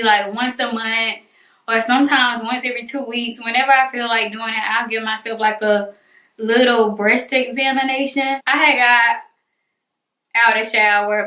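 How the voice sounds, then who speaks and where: Young woman vlogger, bright and slightly high, dramatic storyteller; echoey room. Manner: animated, dramatic retelling with acted-out voices. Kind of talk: storytelling vlog.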